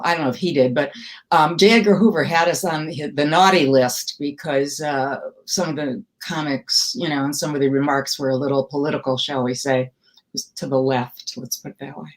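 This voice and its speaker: An older woman from Milwaukee, a comedy writer, speaks in a low voice at a moderate pace, telling wry, self-deprecating stories in a storytelling interview.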